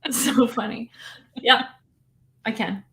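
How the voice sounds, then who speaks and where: A woman's voice: on the high side, takes it slowly, creaky, a bit bright. Wry, joking woman co-host. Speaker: livestream co-host. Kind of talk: casual livestream chat.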